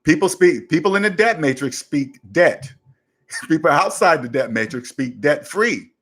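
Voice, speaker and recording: Speaking at a moderate pace with lively intonation, a man with a fairly bright, higher voice hosts a relaxed money talk. As coach and show host, he presses his advice on a listener, circling back again and again to a single simple formula.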